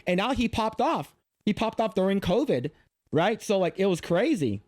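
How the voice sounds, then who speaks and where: Animated man rambling through a reaction stream. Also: high-pitched, moderate pace, no room sound, studio quality. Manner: rambling, repeats words, frequent laughs. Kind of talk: casual reaction commentary.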